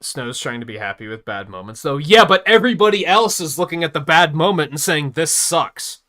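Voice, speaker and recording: A man's voice: a little high, brisk. A man hosting a live game stream, chatting casually and ranting with lots of swearing. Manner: profane, animated ranting. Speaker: livestream host. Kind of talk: casual chat while gaming.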